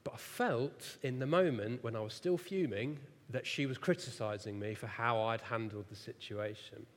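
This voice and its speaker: A man's voice: mid-range voice, moderate pace. A man in his thirties preaching a sermon and telling a story against himself, often laughing at his own failings. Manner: self-mocking, animated storyteller who laughs at himself. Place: church hall. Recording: echoey hall reverb.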